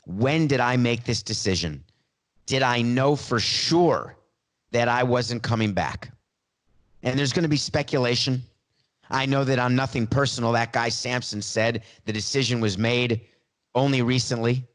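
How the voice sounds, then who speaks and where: A man's voice: medium pitch, close to an everyday voice. Man mocking a smug, money-minded star quarterback. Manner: smug, sarcastic mock press-conference speech. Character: mock star quarterback in his 40s, boastful and money-minded. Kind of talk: satirical impression in a sports podcast.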